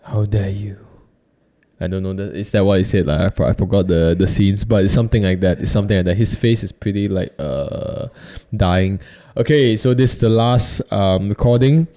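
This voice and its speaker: A man's voice: low-pitched, a little fast, hardly any pauses, mellow. A young man, casually reviewing a microphone in a chatty, rambling way and correcting himself as he goes. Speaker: YouTube host reviewing a microphone.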